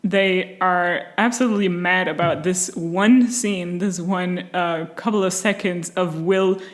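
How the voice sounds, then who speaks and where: A woman hosting a casual commentary video, animated and sarcastic, often breaking into laughter. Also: on the low side, unhurried. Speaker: video essay host.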